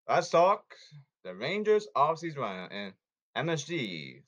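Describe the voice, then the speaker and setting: A man's voice: fairly high pitch, big pitch swings, a little slow, a bit bright. A man hosting a sports podcast who talks in a blunt, hectoring way and repeats himself, in a casual commentary monologue.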